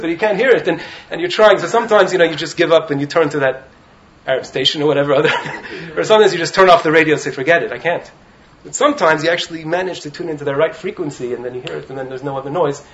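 A man giving an animated Torah talk as a rabbi in a study hall, often asking "right?" to his listeners. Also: on the high side, lo-fi sound. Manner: animated, keeps checking in with "right?". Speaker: rabbi teaching in a yeshiva.

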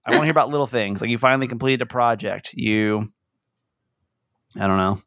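A man's voice: mid-range voice, a little fast, a bit bright, dry recording, studio quality. A man hosting a podcast, telling a rambling, emotional story in casual chat. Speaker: podcast host.

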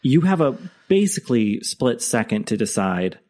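A man's voice: mid-range voice, big pitch swings, dark tone. A man co-hosting a podcast, chatting casually about a TV episode, full of fillers and restarts. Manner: halting, many fillers and restarts. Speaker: podcast co-host.

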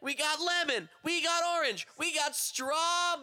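A man co-hosting a comedy podcast, doing playful mock-salesman ad pitches. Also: a little slow, pushed and bright. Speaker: podcast co-host.

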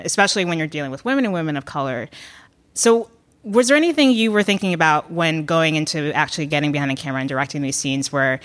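A woman's voice: deep voice, fairly bright tone. A woman interviewing a guest in a friendly, casual way, reacting with short asides and laughs.

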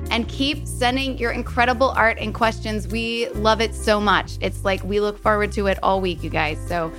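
Brief: female podcast co-host, bubbly and giggly, medium pitch, faint music behind. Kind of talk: casual chat.

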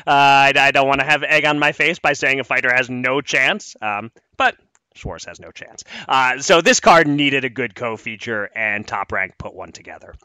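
A man hosting a boxing podcast, briskly reading announcements and teasing his co-host. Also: mid-range voice, lively intonation, pushed and bright, clear, resonant tone, no room sound. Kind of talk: news segment and chat.

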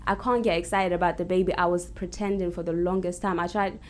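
A woman, a podcast guest in casual chat, talking haltingly with lots of fillers in an even tone. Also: on the low side. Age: 20s.

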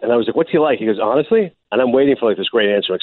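A man calling in as a guest, chatting casually and telling stories with animated energy. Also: medium pitch, no room sound. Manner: fast, animated storytelling with quick laughs. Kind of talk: casual chat. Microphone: phone call. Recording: tinny phone line.

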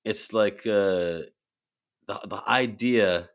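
A man, an improv performer and actor, telling animated stories in a casual chat and acting out the voices in them. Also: fairly low pitch, takes it slowly. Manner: animated, acts out voices in his anecdotes.

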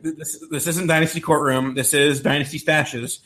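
A man co-hosting a casual sports podcast, laying out his picks in a steady, explanatory way. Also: a little high, normal speed. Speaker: podcast co-host.

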